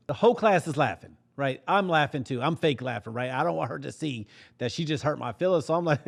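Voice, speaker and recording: A man hosting a podcast, telling a comedic story with lively acted-out quotes and frequent laughs. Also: mid-range voice, normal speed, creaky. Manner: animated, laughs often, acts out quotes. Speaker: podcast host.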